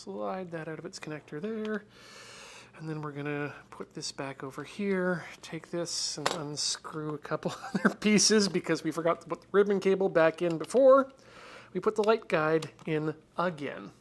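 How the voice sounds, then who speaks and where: A man with a fairly high voice hosts a stream at a moderate pace, joking and rambling casually as he works through a hardware repair, dropping to mutters when he concentrates. There's slight background noise.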